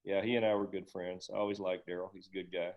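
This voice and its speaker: A middle-aged man, a guest on a podcast, telling school anecdotes in a relaxed, casual way. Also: sits low, fast, dull audio. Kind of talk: casual interview chat.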